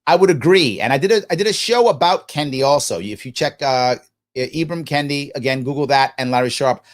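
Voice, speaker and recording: Speaking in a mid-range voice at a fairly quick pace, a male political talk show host reads viewer comments aloud on a live broadcast. He answers them emphatically and often fields his own questions, all with an animated manner and jokey asides.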